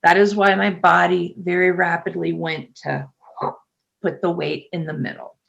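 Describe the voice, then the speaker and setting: A woman's voice: lowish voice, level tone, normal speed, vocal fry, a bit bright, lo-fi sound. A middle-aged woman, a nurse, talking casually in an interview, chatty with frequent fillers and laughs. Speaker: nurse and podcast guest.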